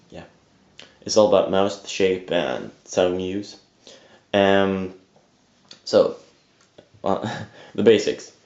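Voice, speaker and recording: A man's voice: deep voice, creaky, darkish tone. A young man who says he just woke up, giving a rambling, casual tutorial on harsh singing, full of fillers and restarts, with some swearing. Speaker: vocal tutor. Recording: echoey lo-fi home webcam audio.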